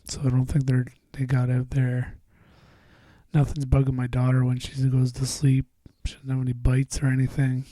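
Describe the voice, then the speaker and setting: A man's voice: medium pitch, completely flat delivery, moderate pace, dark tone, no echo. A man hosting a casual solo podcast, rambling and profane, often drifting into mumbles. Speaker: podcast host.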